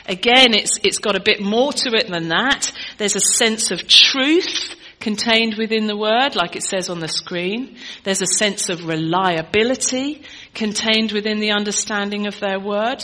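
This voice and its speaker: Middle-aged woman preacher, bright clear voice, chatty teaching sermon style. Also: medium pitch, rough recording. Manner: conversational, teaching, asks the congregation questions.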